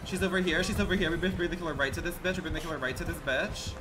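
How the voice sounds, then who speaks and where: A man livestreaming a game in campy, slangy commentary that swings between loud outbursts and low mutters. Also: steady tone, very fast. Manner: campy and dramatic, full of slang. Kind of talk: live gameplay commentary. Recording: loud game music under the voice.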